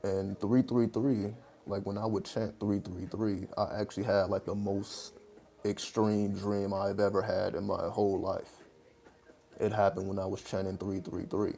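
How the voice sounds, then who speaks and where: A man's voice: on the low side, level tone, unhurried, vocal fry, mellow. A man hosting a casual livestream, talking in a loose, rambling way with lots of fillers and laughing between points. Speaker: livestream host.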